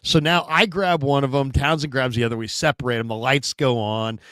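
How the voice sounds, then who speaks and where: Animated male sports show host. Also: medium pitch, fairly quick, clear, resonant tone, no room sound, clean studio sound. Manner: animated storyteller, acts out quotes. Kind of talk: casual sports chat.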